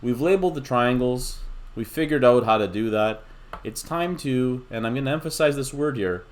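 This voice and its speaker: A man's voice: medium pitch, animated, brisk. A middle-aged man teaching a recorded math lesson, explaining step by step in a patient, casual way with small asides. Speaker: math instructor.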